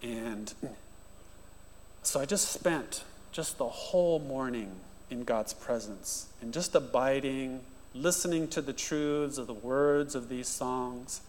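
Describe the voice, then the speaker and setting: A man's voice: slow pace, slight background noise. A male pastor giving an encouraging sermon, then leading a prayer. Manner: warm encouraging preaching, rising to animated high-pitched mimicry. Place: church sanctuary. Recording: long church reverb with soft guitar. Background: soft guitar music.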